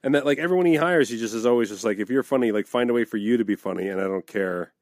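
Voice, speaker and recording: A man's voice: mid-range voice, very fast, no room sound, clean studio sound. Rambling storytelling man on a podcast. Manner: rambling storyteller, acts out quotes, fillers. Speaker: podcast co-host. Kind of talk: casual comedic chat.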